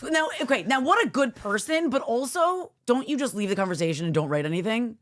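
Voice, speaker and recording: A woman in casual podcast chat with a very lively voice that leaps up and down in pitch. She tells stories with energy and puts on high, excited voices for other people. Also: quick pace, few pauses. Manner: animated, jumps to high pitch when acting out others. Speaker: podcast co-host.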